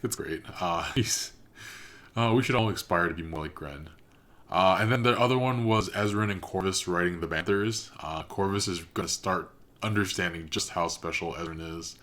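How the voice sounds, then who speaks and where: A man's voice: low-pitched, moderate pace, a bit bright. A man hosting a reaction channel, chatting casually and thinking aloud with lots of fillers.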